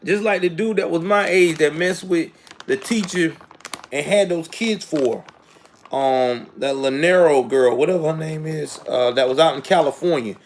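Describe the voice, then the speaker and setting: A man's voice: fairly high pitch, normal speed, a little hiss or hum. A man in his late thirties hosting a live commentary show, ranting in casual, slangy talk that rises to indignant outbursts. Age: late 30s.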